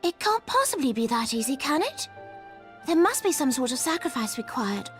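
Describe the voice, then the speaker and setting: A woman's voice: sits high, sing-song, moderate pace, soft background music. A woman voicing a curious young woman in a video game, speaking in a questioning, musing way. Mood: puzzled.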